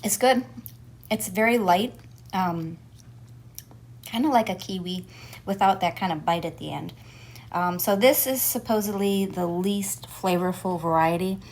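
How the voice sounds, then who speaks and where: A woman's voice: medium pitch, measured pace, long pauses, a little mellow. A woman hosting a casual home gardening vlog, talking chattily and sometimes chewing as she speaks. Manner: chatty, chews while talking at times. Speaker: gardening vlogger.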